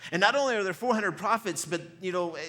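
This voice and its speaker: A male pastor preaching a sermon, retelling a story with lively acted-out quotes and frequent repeated words. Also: high voice, fast. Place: church.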